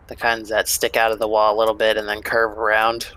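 Bright-voiced male game master. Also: on the low side, completely flat delivery, a little fast, low-quality recording. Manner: casual, loose, with many fillers. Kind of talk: narrating a tabletop game.

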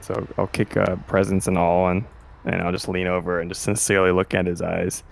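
A man's voice: deep voice, little pitch movement, fairly quick, gravelly. A man playing a tabletop role-playing game, describing his character's moves in a rambling, offhand way. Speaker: player. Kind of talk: casual tabletop role-play.

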